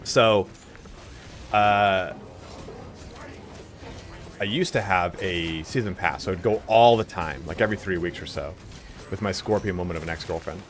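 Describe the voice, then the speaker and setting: A man live-streaming a game, chatting casually and telling stories in a loud, animated voice. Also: deep voice, measured pace, pauses often.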